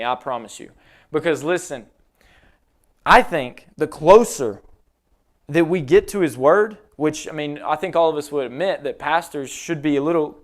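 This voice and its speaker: A young man preaching a sermon in an earnest, conversational way, acting out quotes as he goes. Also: fairly high pitch. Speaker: pastor. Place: church, livestreamed.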